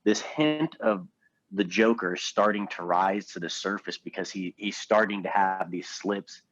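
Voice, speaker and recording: Man, podcast co-host, husky, low-pitched, casual earnest chat, dull dry audio. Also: measured pace, dry recording, soft background music. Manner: earnest, many restarts. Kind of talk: casual film discussion.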